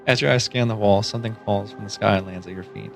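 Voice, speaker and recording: A man streaming live, reading a gamebook aloud in hushed, low-key second-person narration. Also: quick pace, gravelly, soft background music.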